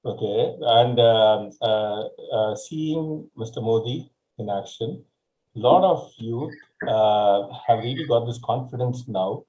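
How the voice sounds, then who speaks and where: A man's voice: medium pitch, slow pace, darkish tone, rough recording. A man hosting a casual talk-show interview, hesitant with many fillers and repeated words. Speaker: host.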